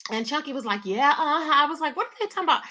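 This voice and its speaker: A high-pitched woman hosts a chatty gossip livestream and keeps talking straight to her viewers. Her voice is bright and sharp, and her speech has features. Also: animated, rapid-fire. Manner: chatty, greets viewers by name, calls them babe and child. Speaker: YouTube commentary livestream host. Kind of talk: casual livestream gossip commentary.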